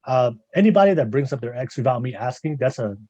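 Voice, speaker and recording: A male podcast host in loose casual chat, leaning on fillers and quick prompts to his guests. His voice is mid-pitched and sits dry and close, with little room sound. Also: animated, dark tone, slightly rough, no echo, dull audio.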